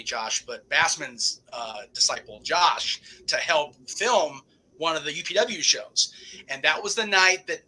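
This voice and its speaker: A man telling old stories in a casual chat. His voice is very bright and forward and sits a little high. He rambles and restarts often. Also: low-quality recording. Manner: rambling storyteller with many restarts and fillers. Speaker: podcast host.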